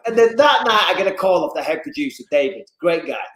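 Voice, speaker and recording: An English man telling stories in a casual podcast chat as a fight commentator, animated and swinging his voice up and down. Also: quick pace, reverberant. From England. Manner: animated storyteller, lively swings in pitch and loudness.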